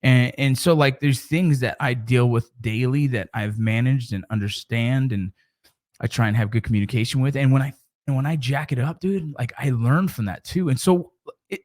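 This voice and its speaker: A man's voice: medium pitch, moderate pace, a little mellow. A middle-aged man and father talking casually to camera about mentoring, in a rambling, conversational way with frequent restarts.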